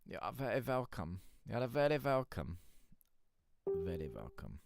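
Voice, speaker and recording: A man's voice: deep voice, sing-song, moderate pace, gravelly, no room sound, studio quality. A man hosting a music review stream, rambling and joking in casual chat. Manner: rambling, joking, swears, laughs a lot.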